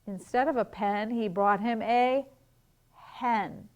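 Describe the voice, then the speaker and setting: A woman teacher reading a picture book to young children at home, gently asking questions and explaining words. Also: on the high side, slow pace.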